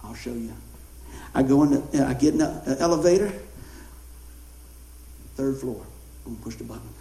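A male pastor, telling a story in a sermon in an animated, conversational way. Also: medium pitch, moderate pace, creaky, a little hiss or hum. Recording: roomy hall echo.

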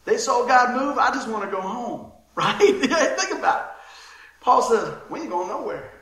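A man preaching a sermon as pastor, lively and often laughing as he acts out little scenes. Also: very high voice, measured pace. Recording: roomy echoing hall sound.

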